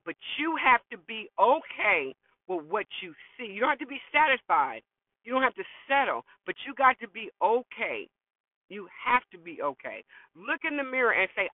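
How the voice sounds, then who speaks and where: A woman's voice: on the high side, very animated, normal speed, no room sound. A middle-aged woman hosting a show, giving blunt, preachy motivational advice and repeating her points for emphasis. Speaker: host. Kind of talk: motivational monologue. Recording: dry, phone-like lo-fi audio.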